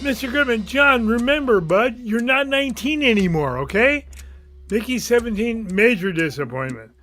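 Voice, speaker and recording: A man's voice: very high-pitched, expressive, moderate pace, noisy background. A man on a comedy news panel, giving dry, dismissive one-liners.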